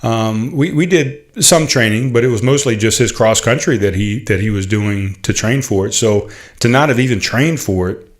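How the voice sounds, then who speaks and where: A middle-aged man hosting a podcast, telling a heartfelt story in a halting, casual way, full of fillers and restarts. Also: medium pitch. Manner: heartfelt, proud. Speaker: podcast host.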